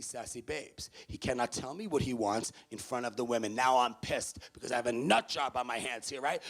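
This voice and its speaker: With a creaky mid-range voice, a motivational speaker from New York City addresses students in a large hall, telling an animated story in which he performs each character's voice.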